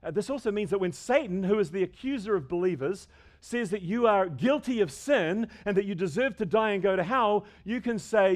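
A middle-aged man preaching a sermon, swinging between loud emphasis and hushed asides, with restarts and rhetorical questions. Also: sits high, animated, fairly quick. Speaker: pastor.

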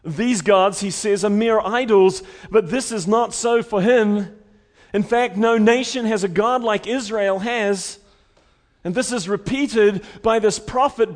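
A man preaching a sermon with emphasis, repeating key lines and swinging from loud declarations to hushed, soft phrases. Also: high-pitched.

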